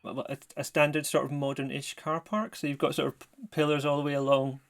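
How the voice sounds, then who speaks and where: A man narrates a tabletop horror game on stream, describing scenes in a chatty, rambling way with frequent self-corrections. His voice sits a little high for a man. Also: flat delivery, a little fast, creaky. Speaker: game master.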